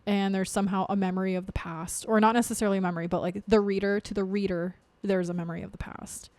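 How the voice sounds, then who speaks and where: A young woman co-hosting a casual book podcast, laughing often and trailing off into quiet, mumbled asides. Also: mid-range voice, little pitch movement, fast talker, dry recording. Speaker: podcast co-host. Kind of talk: casual chat about a book.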